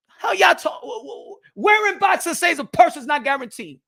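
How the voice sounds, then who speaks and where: High-pitched gravelly guy ranting about boxing deals, swearing a ton, bright edgy voice. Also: normal speed, hardly any pauses. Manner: loud, profane, animated, laughing often. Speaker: boxing channel host. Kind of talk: ranting reaction to viewer comments.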